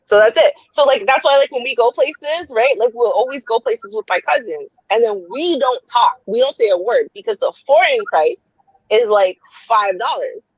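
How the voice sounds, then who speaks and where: A woman's voice: on the high side, normal speed, slightly rough, no room sound, muffled recording. A woman raised in Canada, hosting a casual chat and telling stories with frequent laughs. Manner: laughs often, relaxed storytelling. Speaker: podcast host.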